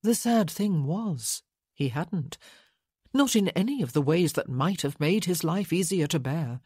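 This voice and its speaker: A woman narrating a romance audiobook in a measured, intimate reading. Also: fairly low pitch, lively intonation, mellow, husky, no echo, clean studio sound. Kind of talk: scripted narration.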